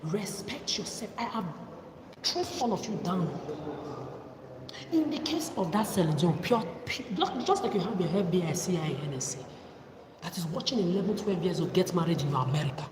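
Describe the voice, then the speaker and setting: A woman's voice: on the low side, animated, normal speed, crowd noise. A woman ranting on a livestream, confrontational and accusing, firing off rhetorical questions. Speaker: livestream host. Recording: echoey room from far off with loud background noise.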